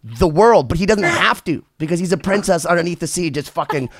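Animated swearing male podcast host. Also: fairly high pitch, a little fast. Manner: animated storyteller, swears freely, jokey tangents. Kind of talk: casual chat.

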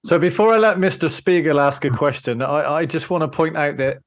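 A man's voice: a little high, fairly quick. A man with a British accent, hosting a podcast and explaining his views in a thoughtful, casual way. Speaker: podcast host. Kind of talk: casual interview talk.

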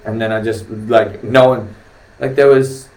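A man's voice: on the low side, fairly even intonation, a little slow, darkish tone. A young man with an Australian accent, a podcast guest chatting casually in a loose, joking, crude way full of fillers. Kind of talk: casual chat. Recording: roomy, distant mic with faint noise.

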